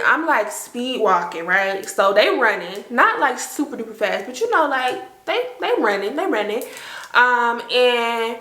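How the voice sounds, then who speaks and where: A young woman vlogger telling a storytime to her viewers in a casual, animated way, full of "like" and acted-out quotes. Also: on the high side, a little slow, echoey room. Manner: animated, heavy use of "like", acts out quotes.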